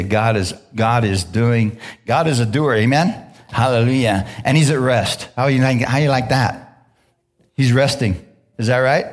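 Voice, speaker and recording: A man preaching a Sunday sermon in a church, at an ordinary pitch for a man. He keeps the congregation engaged with constant "amen?" and "hallelujah" calls. His delivery is loose and chatty, with easy laughs between points. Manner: call-and-response, frequent "hallelujah" and "amen?"; relaxed, laughing, conversational preaching. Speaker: pastor. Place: church sanctuary.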